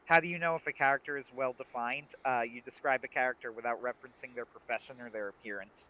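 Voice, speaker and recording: A man's voice: mid-range voice, steady tone, fast talker, phone-quality sound. A man co-hosting a livestream, chatting casually and making emphatic, opinionated points. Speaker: livestream co-host. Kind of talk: casual chat.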